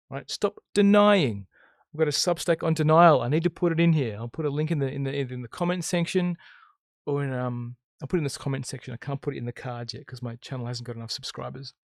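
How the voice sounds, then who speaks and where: Man, fairly high voice with a gravelly edge, blunt spiritual teacher, keeps tagging "right?", dry sound. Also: no echo. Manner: emphatic, keeps checking in with "okay?" and "right?"; blunt, swears freely. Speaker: I Ching teacher and counselor. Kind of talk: casual spiritual monologue to camera.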